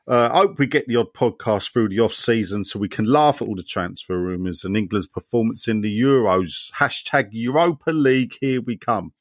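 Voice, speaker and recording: On a podcast, a man with a medium-pitched voice reads listener messages and banters animatedly with his co-hosts. The audio is dry and of studio quality.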